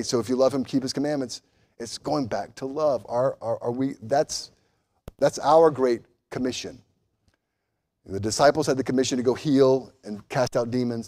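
A pastor preaching a sermon, building to loud emphatic peaks and then dropping to a quiet, earnest tone, often repeating words as he goes. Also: medium pitch. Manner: impassioned, rising and falling emphasis, repeats words; addresses children directly at times.

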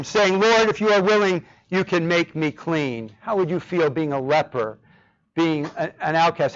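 Impassioned male preacher, dull lo-fi sound. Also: on the high side. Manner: impassioned, rising to loud cries on key words. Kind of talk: sermon.

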